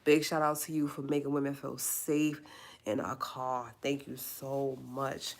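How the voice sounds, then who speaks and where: Low-voiced woman ranting on a live stream. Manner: indignant, emphatic, repeats phrases. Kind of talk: impassioned live-stream rant.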